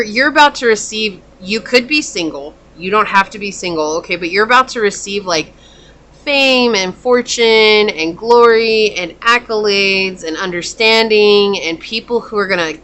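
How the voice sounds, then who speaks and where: A woman giving a pick-a-card tarot reading in a chatty, reassuring and enthusiastic way, murmuring soft questions while she draws cards. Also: mid-range voice, slight background noise, low-quality recording. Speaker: tarot reader.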